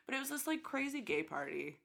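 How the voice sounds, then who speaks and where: A young woman in casual chat, telling a story in an animated way, acting out quotes and swearing freely. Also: sits high, fast, vocal fry.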